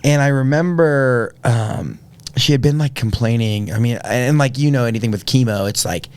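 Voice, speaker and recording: A man's voice: medium pitch, moderate pace, darkish tone, smooth. A man, telling a personal story earnestly on a podcast, with many fillers and restarts. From Indiana, USA. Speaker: podcast guest. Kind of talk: casual storytelling.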